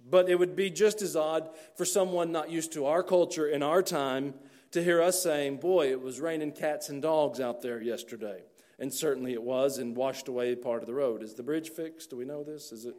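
A man preaching a sermon to his congregation, earnest and slowing down to stress key phrases. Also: fairly high pitch, a little mellow. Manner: earnest, slows down for emphasis. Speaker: pastor.

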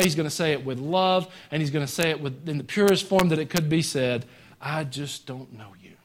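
High-voiced preacher swinging loud to quiet. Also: male voice. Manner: conversational preaching that swings between loud emphatic lines and quiet wry asides; joking. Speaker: pastor. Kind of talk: sermon. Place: church sanctuary.

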